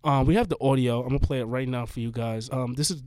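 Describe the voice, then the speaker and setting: A man hosting a podcast in casual chat, rambling and emphatic with many restarts, his voice a little hoarse. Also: mid-range voice, fast, a little mellow, dry recording. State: slightly hoarse. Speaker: podcast host.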